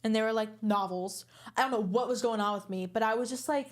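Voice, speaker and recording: A woman in her twenties, a guest on an acting podcast, speaks earnestly and rambles with plenty of "like." Her voice is fairly high and her tone casual. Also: brisk. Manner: earnest, rambling, heavy use of "like". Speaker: guest actor. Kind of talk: casual interview chat.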